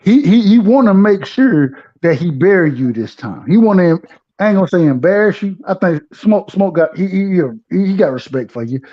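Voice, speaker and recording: A man's voice: high voice, animated, moderate pace. A man, a regular guest on a live stream, giving advice in loose slang with frequent restarts. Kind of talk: casual live-stream chat. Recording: dull lo-fi audio.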